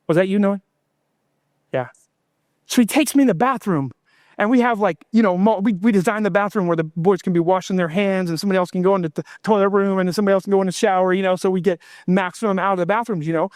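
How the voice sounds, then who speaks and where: High-pitched man preaching with fervor. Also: brisk, no echo, studio quality. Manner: impassioned preaching, voicing God and himself in quotes. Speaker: pastor. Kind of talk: sermon.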